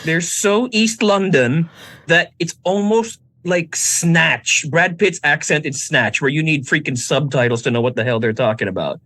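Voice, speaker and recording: A man co-hosting a podcast, chatting casually about a film, animated and quick to laugh, often restarting his sentences. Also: fairly high pitch, no echo. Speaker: podcast co-host. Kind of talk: casual film review chat.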